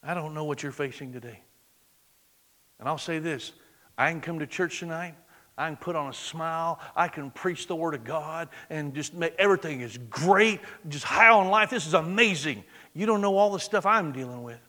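A man preaching a sermon in church, swinging from loud exclamation to hushed, intimate prayer. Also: fairly high pitch, moderate pace. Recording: long reverb of a large hall.

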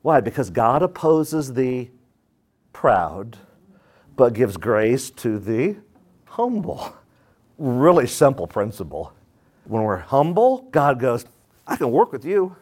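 A pastor with a husky voice preaches to his congregation in an animated, folksy way. He jumps from loud bursts to low asides and slips into quick voices to act out the people in his stories.

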